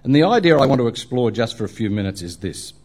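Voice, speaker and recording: A man's voice: mid-range voice, very animated, quick pace, darkish tone. A middle-aged Australian man preaching a sermon, telling funny travel stories with plenty of ums and uhs. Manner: humorous storytelling, frequent ums and uhs. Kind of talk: sermon with anecdotes.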